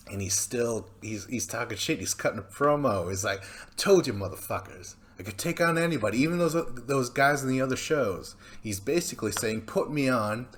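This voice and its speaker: A young man hosting a solo podcast, recapping casually and swearing freely, jumping into other people's lines in a raised voice. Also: a bit bright. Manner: loose, swearing, acts out quotes in bursts of higher voice. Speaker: podcast host.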